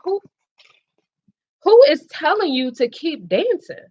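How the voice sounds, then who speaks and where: A young woman with a fairly high voice gives her blunt, opinionated takes in a casual gossip chat. She swears freely. The sound is dull and lo-fi. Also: sing-song, slow, dark tone. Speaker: co-host.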